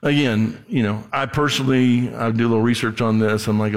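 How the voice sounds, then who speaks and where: A male pastor delivers a conversational sermon, slipping into the voices of the people in his story. His voice has a gravelly edge, and it rolls out into the long reverb of a large sanctuary. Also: mid-range voice, flat delivery, a little fast. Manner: conversational preaching, acts out voices, ends in prayer.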